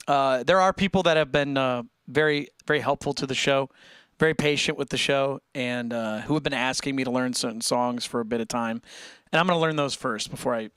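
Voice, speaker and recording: A man's voice: on the high side, fairly bright tone, no room sound, clean studio sound. A man hosting a casual livestream, rambling and breaking off mid-sentence as he reads chat aloud. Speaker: livestream host.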